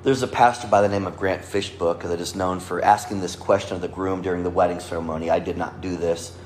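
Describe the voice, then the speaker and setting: A man's voice: low-pitched, steady tone, quick pace, darkish tone, slight background noise. A man preaching a sermon, earnest, quoting scripture and lifting or dropping his voice for emphasis. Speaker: pastor. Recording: echoey room with faint ambience.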